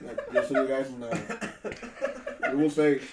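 A man's voice: medium pitch, takes it slowly. A man of Mexican background chatting and laughing with his bandmates. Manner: laughing, swearing, excitable. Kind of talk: casual chat among bandmates. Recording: echoey room, off-mic, with chatter.

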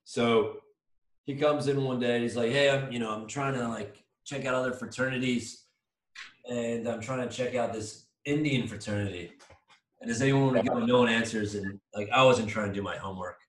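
A man in his thirties, co-hosting a casual podcast, telling a rambling, animated story full of restarts. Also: medium pitch, normal speed, far from the mic, slight background noise. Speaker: podcast co-host. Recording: echoey room, voice off-mic.

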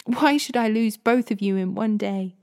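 A woman's voice: medium pitch, moderate pace, a little mellow, natural voice. A woman voicing a worried mother giving her son urgent instructions. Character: anxious scheming mother.

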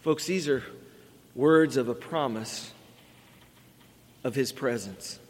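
A man's voice: medium pitch, takes it slowly. A middle-aged man preaching a sermon as pastor, earnest and building emphasis on key words. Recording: long reverb from a large hall.

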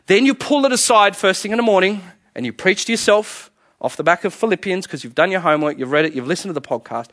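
Animated male preacher with a high voice. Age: 40s. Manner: animated, humorous, acts out inner dialogue. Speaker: pastor. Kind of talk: sermon.

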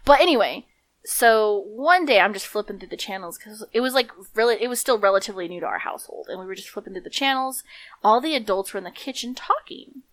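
Animated, foul-mouthed woman telling a story. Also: mid-range voice, fast. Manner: animated storytelling, swears often, laughs a lot. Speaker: podcast co-host. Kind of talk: casual chat.

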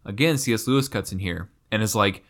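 A young man chats casually about a novel with his co-host, retelling scenes and now and then reading a passage aloud with some drama. His voice sits a little on the low side. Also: fairly quick, fairly bright tone. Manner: reads passages aloud expressively. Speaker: podcast co-host. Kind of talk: casual book discussion.

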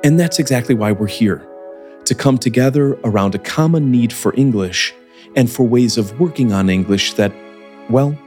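A man teaching English as the host of a scripted podcast lesson, speaking in a clear, measured, explanatory way. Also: mid-range voice, darkish tone, faint music behind.

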